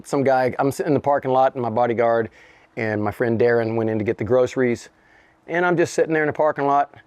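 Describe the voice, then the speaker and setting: A middle-aged rapper, fast-talking with a medium pitch and darkish tone, is interviewed with no room sound. He tells an animated story full of swearing and laughter, acting out the other people's voices.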